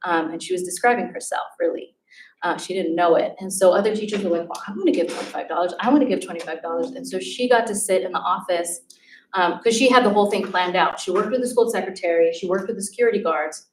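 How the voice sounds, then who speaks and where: A woman who used to teach, telling lively classroom stories to an audience and acting out her students' voices. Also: on the low side, fast, slight background noise. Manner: animated, acts out students' voices. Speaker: former teacher giving a talk. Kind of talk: storytelling talk to an audience. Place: event hall. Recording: roomy, distant from the mic.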